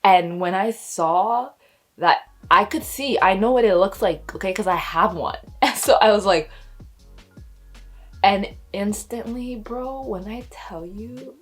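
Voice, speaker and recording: Young mom chatting to her camera, emotional and teary, mid-pitch voice. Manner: emotional, talks slowly, near tears. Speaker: vlogger, expecting mother. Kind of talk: casual storytelling to camera.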